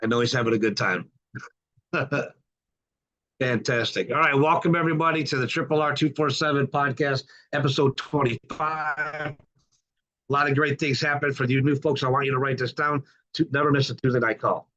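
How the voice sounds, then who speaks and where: A middle-aged man speaks at normal speed in a sharp-toned, medium-pitched voice with fairly even intonation. Hosting a podcast on a group video call, he's upbeat and folksy, welcoming newcomers repeatedly; his computer mic produces dull lo-fi audio.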